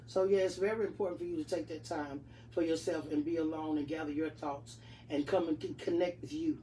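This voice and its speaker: A middle-aged woman in casual chat, giving animated, preachy encouragement and playful self-talk. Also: deep voice, a little fast. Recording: distant mic with faint noise.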